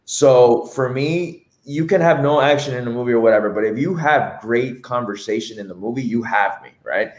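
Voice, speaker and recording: A man co-hosting a podcast, reviewing a film in a casual chat, telling animated stories and swearing freely. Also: mid-range voice, moderate pace, few pauses, echoey room. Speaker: podcast co-host.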